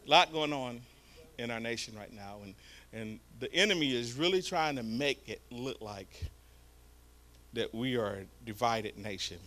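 Brief: male pastor, animated sermon delivery, bright and lively. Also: medium pitch, moderate pace. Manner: animated storytelling preacher.

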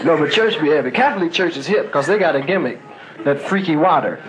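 A man's voice: on the high side, expressive, fast, over a noisy crowd. A man doing a loose, profane stand-up routine in a conversational way. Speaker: stand-up comedian. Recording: loud noisy live stage recording.

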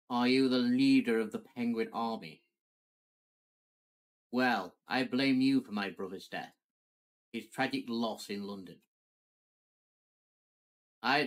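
A man's voice: medium pitch, a little slow, pauses often, natural voice. A man putting on a theatrical, mock-menacing voice as a vengeful figure who blames the listener for a death. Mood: mock menace.

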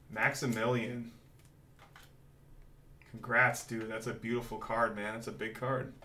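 A man hosting a live card-breaking stream, calling out each pull with hyped excitement. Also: mid-range voice, a little slow, pauses often. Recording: roomy echo from mic distance, faint noise.

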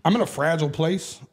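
A man's voice: a little high, breathy edge. A middle-aged man, a podcast guest telling candid stories and swearing freely. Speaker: guest musician. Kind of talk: casual podcast chat.

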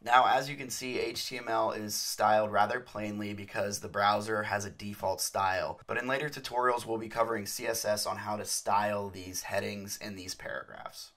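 Casual tutorial host, young adult male, lower register, steady step-by-step explainer. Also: normal speed, hardly any pauses. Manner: steady, explanatory, walks through code step by step. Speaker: coding tutorial instructor. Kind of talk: screen-recorded tutorial narration.

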